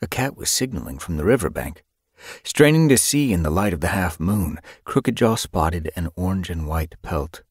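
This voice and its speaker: Brief: male audiobook narrator, low husky voice, lively and dramatic. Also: normal speed, dry recording, clean studio sound.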